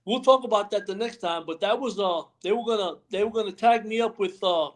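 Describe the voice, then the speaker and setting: A man whose voice sits high talks a little fast as a guest on a storytelling interview over a remote live stream call. The retired pro wrestler rambles through backstage stories, acting out others' lines and using "you know what I mean" many times.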